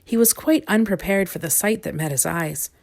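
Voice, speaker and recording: Woman reading a storybook, lowish voice. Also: moderate pace, vocal fry, a little mellow. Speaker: storybook reader.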